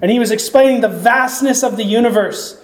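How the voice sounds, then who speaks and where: A preacher giving a reflective sermon, slowing down when reading scripture aloud. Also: medium pitch. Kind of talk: sermon on a psalm. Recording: echoey room.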